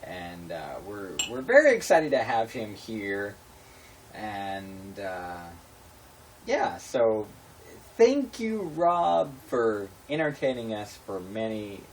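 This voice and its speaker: A man hosting a casual web show, talking off the cuff with many fillers and restarts. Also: lowish voice. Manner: rambling, full of fillers and restarts. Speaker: show host. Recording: distant mic with faint noise.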